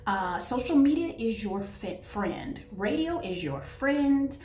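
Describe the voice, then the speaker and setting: A woman's voice: a little high, sing-song, takes it slowly, a little hiss or hum. A woman giving a casual tarot reading, chatty and affectionate, often searching for words. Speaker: tarot reader. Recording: echoey room, voice a bit far from mic, soft music behind.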